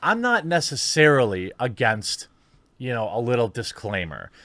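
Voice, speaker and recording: Man, online commentator, measured, mid pitch, dry close recording. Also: big pitch swings, fairly bright tone, no echo. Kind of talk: video commentary.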